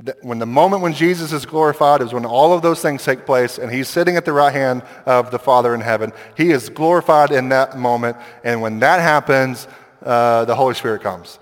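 A man preaching a sermon as pastor, talking in a conversational, animated way with quick asides and acted-out quotes. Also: mid-range voice. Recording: long hall reverb.

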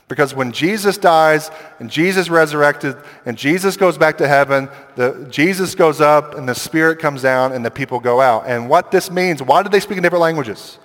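Male pastor, sermon, chatty and animated delivery, slightly raised pitch, reverberant hall sound. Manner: conversational, animated, quick asides and acted quotes.

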